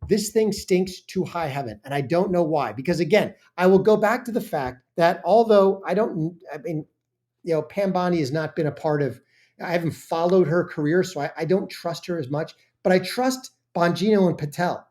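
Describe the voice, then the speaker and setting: A woman's voice: on the low side, moderate pace, mellow. An indignant woman commentator reacting to news clips. She talks emphatically, breaking off and restarting her sentences as she presses her points. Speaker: political commentary host.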